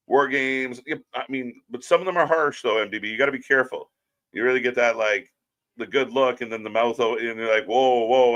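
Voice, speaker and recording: Guy hosting a wrestling live stream, bright sharp voice, swears a lot, rambles n cracks jokes. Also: mid-range voice. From outside Ireland, Scotland and Britain. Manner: rambling, profane, jokey, reads chat aloud. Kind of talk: casual live stream chat reacting to wrestling and chat comments.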